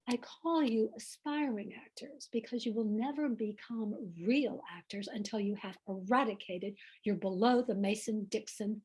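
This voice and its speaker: A woman's voice: on the high side, husky. A woman voicing a pompous, condescending male acting teacher with haughty, over-precise diction.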